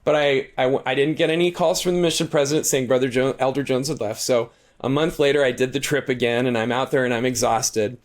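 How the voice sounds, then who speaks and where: A man being interviewed as a guest author, telling a long story in a casual, animated way with many asides and restarts. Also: fast, hardly any pauses. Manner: animated, acts out quoted lines with shifting pitch; talkative, frequent restarts and asides.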